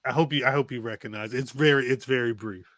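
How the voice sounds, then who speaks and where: Man, casual podcast co-host, talks with animated energy, bright voice, dry sound. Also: mid-range voice, quick pace, no room sound. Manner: animated, swears casually, restarts often. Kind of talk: casual chat.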